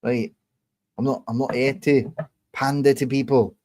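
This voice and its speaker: A man from England hosts his own online show in a blunt, combative monologue. He speaks slowly and deliberately at a middle pitch, swearing freely and hammering the same points again and again as he lectures his viewers. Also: little pitch movement, a little mellow. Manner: slow, deliberate, repeats points. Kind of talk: casual monologue answering viewer comments.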